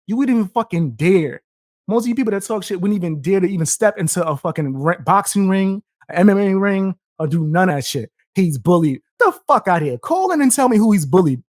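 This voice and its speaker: A man's voice: high voice, sing-song, brisk, darkish tone, no room sound, clean studio sound. A young man live streaming, reacting with a profane, combative rant and taunting his viewers between laughs.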